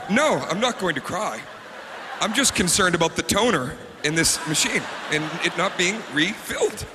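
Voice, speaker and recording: A man performing a stand-up comedy routine on stage, animated, acting out characters and mock sobbing. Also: high-pitched, moderate pace, big-room sound, background noise. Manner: animated, acts out characters and sobs for laughs. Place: stage before a live audience.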